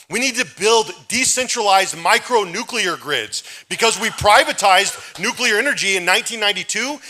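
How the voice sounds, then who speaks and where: A man giving a loud, urgent, rapid-fire campaign speech at a live forum in a church before an audience. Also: sits high. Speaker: governor candidate.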